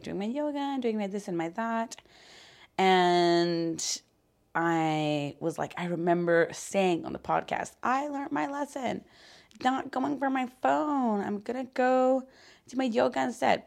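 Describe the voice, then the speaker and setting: A young woman rambles through a casual solo podcast just after waking up, sleepy and yawning. She is self-deprecating and full of fillers, and at times she sinks to a whisper. Her voice sits at medium pitch with lots of gravelly vocal fry. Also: darkish tone. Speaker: podcast host.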